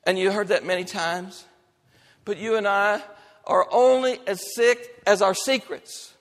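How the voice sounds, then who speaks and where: A male pastor preaching a sermon with dynamic delivery, swinging between loud emphatic lines and soft hushed ones. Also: high-pitched, fairly even intonation, unhurried, big-room sound.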